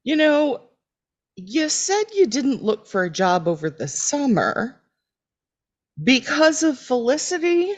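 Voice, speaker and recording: A woman doing a quick, matter-of-fact impression of a blunt male therapist in casual podcast chat. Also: sits high, very animated, pitched above the performer's own voice, full character voice.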